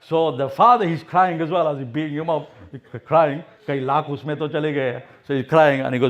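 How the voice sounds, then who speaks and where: A man's voice: a little high, fairly quick, hardly any pauses. A man preaching a sermon, telling a story with acted-out voices and urging his listeners. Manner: storytelling, acts out voices, exhorting. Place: mosque hall.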